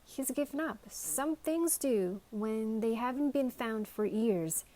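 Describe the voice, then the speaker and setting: A woman's voice: on the high side, slow, darkish tone, voice pushed up. A woman voicing a kindly, folksy old sheriff in a storybook reading, with a homely drawl.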